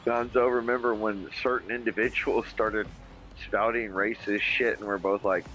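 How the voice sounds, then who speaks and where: A man's voice: on the low side, steady tone, normal speed, a bit bright, faint music behind, rough recording. A man from Kentucky hosting a casual livestream chat, profane and jokey, often mimicking other people. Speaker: podcast host.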